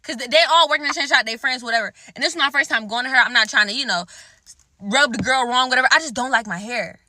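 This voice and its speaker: A woman's voice: sits high, fast, pushed and bright, no echo. A woman telling a story time to her viewers, heated and full of swearing. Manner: heated, profane and emphatic. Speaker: vlogger.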